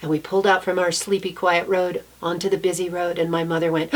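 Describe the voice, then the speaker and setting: A woman with a fairly low voice tells a story from her own childhood. She speaks softly and thoughtfully, pausing to correct herself now and then. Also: little pitch movement. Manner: soft-spoken, reflective, with small restarts. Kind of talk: personal storytelling.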